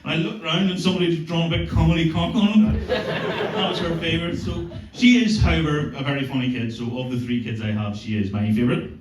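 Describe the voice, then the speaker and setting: A man's voice: a little high, fairly quick, few pauses. A man in his forties doing a stand-up set, telling profane, swaggering stories about his family. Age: 40s. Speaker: stand-up comedian. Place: comedy club stage. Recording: roomy club sound, mic from a distance, audience noise.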